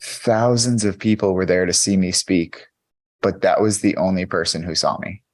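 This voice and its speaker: Speaking at a normal speed, this thirty-something keynote speaker has a low voice with fairly even intonation. As a podcast guest, he recounts his personal story earnestly and openly, filling it with phrases such as "you know."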